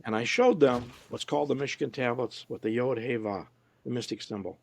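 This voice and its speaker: A man with a mid-range, gravelly, husky voice talks briskly as an interview guest. He is a researcher who chats casually and tells stories, often quoting people he met and doing their voices.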